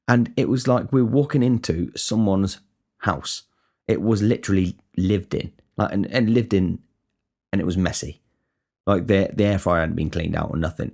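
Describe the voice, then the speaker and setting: A young English man from the talks hosts a podcast, rambling through casual stories in a monologue, swearing freely and stumbling into frequent restarts. His voice is deep and darkish, with vocal fry.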